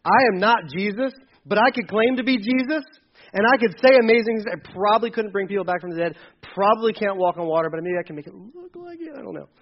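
A man with a high voice preaches a casual sermon, swinging between loud exclaimed bursts and hushed asides as he acts out what people said. The sound is dull and slightly lo-fi. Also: fast talker. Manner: animated, acts out quotes with sudden loud bursts and quiet drops. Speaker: pastor.

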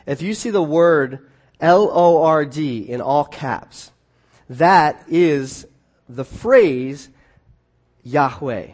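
A man preaching a conversational sermon, often restarting his phrases and swinging between quiet asides and emphatic points. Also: mid-range voice. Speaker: pastor.

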